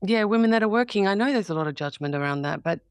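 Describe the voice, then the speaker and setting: An Australian woman in her forties, an actress telling stories in an interview, animated and expressive. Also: medium pitch, fast talker, clean tone, no room sound, studio quality. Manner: animated, expressive, acts out quoted voices. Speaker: actress guest. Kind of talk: candid interview storytelling.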